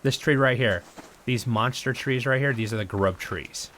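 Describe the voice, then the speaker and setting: A man streaming a survival game live, thinking aloud in a relaxed, rambling way as he plays. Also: medium pitch, moderate pace, background noise. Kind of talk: casual live-stream gameplay commentary.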